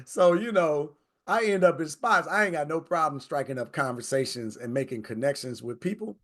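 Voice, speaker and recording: Man host, slightly higher voice, talkative. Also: moderate pace, fairly bright tone. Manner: chatty, conversational, says "right?" often. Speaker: travel tour host. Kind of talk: casual presentation.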